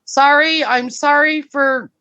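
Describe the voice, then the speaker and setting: An upset woman with a fairly high voice calls in, talking bluntly and cursing before she apologizes. The line is dry and dull, with no room sound and narrow lo-fi audio. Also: steady tone, takes it slowly, bright, forceful tone, dry recording. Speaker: caller on a livestream. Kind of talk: upset livestream call-in.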